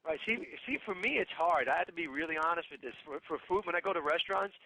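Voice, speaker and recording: Fast-talking, bright-voiced guest. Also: male voice, a little high, creaky, no room sound, rough recording. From Italian-American family. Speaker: guest musician. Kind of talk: casual interview chat.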